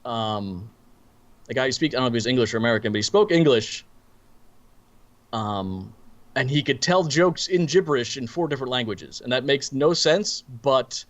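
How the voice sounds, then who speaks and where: A man's voice: mid-range voice, lively intonation, moderate pace. A man with a mid-range voice co-hosts a casual movie review podcast over dull, lo-fi stream audio. He talks in an easygoing, slightly distracted way, as if half his attention is on a search. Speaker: podcast co-host.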